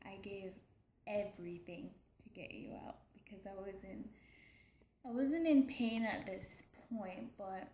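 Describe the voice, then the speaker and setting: A young woman recording a personal video diary for her daughter, talking in an emotional, hesitant way with many pauses and restarts. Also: medium pitch, mellow, reverberant. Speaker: mother keeping a video diary.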